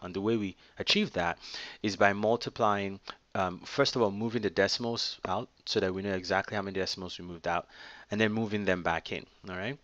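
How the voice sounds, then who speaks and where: A man's voice: sits low, a bit bright, dry recording. A man teaching math step by step in a test prep tutorial, patient and explanatory, with frequent fillers.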